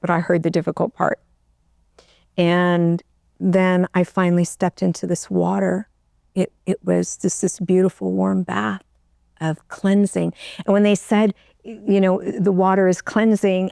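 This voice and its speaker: A middle-aged woman, an interview guest, telling her own story in a halting, emotional way, close to tears, with many restarts. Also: fairly low pitch, level tone, vocal fry, darkish tone, no echo. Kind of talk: personal storytelling.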